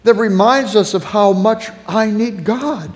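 A man preaching a sermon on parenting, earnest and warm, softening when he tells a family story. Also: high-pitched, measured pace. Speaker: pastor teaching on parenting. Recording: long hall reverb.

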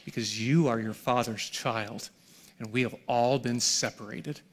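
A middle-aged male pastor preaches to a congregation in a church hall, swinging from hushed, near-whispered lines to shouted peaks. His voice is mid-range, with fairly even intonation and a slightly slow delivery.

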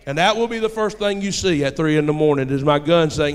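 The sermon comes from a young pastor whose high, drawling voice is clear and resonant and fairly quick. He swings between whispered asides and shouted points while telling folksy stories, and long hall reverb lingers after every phrase in the sanctuary.

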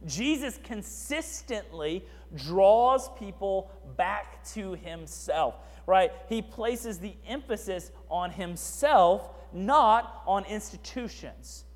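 A man's voice: high-pitched, animated, slow pace, long reverb tail. A man preaching a sermon as a pastor, conversational, with frequent asides and "right?".

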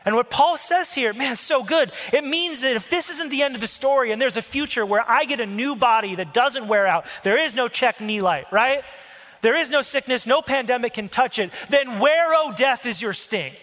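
A man's voice: very high voice, lively intonation, moderate pace, fairly bright tone. A male pastor preaching a sermon in a conversational way, with asides and jokes to the congregation, recorded in a church hall. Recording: long hall reverb.

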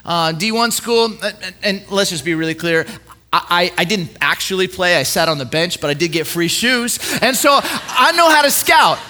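A young man preaching a sermon through a lively personal story, acting out the voices of people he quotes and often repeating his words as he goes. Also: high-pitched, moderate pace.

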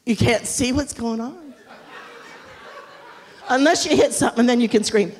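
A middle-aged woman pastor preaching a humorous, animated sermon, acting out quotes and swinging between loud and quiet. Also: on the high side, normal speed, a faint crowd. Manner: animated, humorous, acts out quotes with big shifts in loudness. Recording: long reverb of a large hall.

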